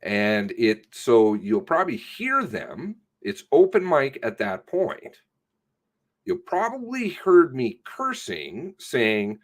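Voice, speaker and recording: Halting, animated police sergeant retelling. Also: male voice, medium pitch. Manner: halting, profane, self-correcting retelling. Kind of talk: recorded statement recounting an incident.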